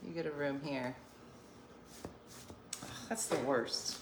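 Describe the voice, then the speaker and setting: A woman's voice: very deep voice, slow, reverberant, a little hiss or hum. A woman hosting an online show, chatting casually with viewers and laughing as she tells stories. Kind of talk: casual live-stream chat.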